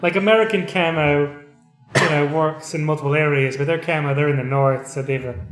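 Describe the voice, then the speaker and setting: A man's voice: on the high side, steady tone, brisk. A man co-hosting a casual chat in a laid-back, emphatic way. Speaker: co-host. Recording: echoey room, faint music.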